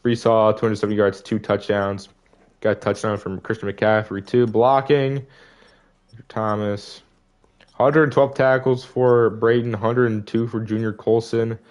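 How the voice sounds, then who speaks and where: A man's voice: lowish voice, little pitch movement, a little slow. A young man giving casual gameplay commentary, frustrated and disappointed as he rambles through season stats. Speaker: gaming video creator.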